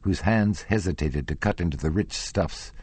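A man reading a classic novel aloud as an audiobook narrator, measured and expressive, softening his voice for quoted lines. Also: sits low, husky, dry recording.

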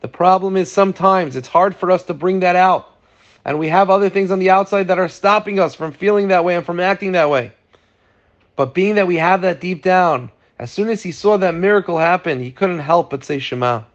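A man's voice: high voice, a little fast, muffled recording. A man giving an earnest sermon, telling a story to make his point. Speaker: preacher.

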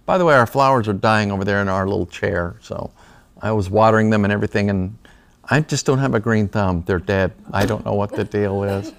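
A man's voice: lowish voice, a little fast, vocal fry. A man teaching a Bible study class in a small room, talking conversationally with a slight lisp from retainers and often checking in with the class.

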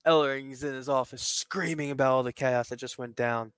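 A man's voice: medium pitch, fairly quick, smooth, dry recording. Man animatedly recapping wrestling matches. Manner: animated play-by-play retelling. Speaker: podcast host. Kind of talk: recapping a fantasy wrestling show.

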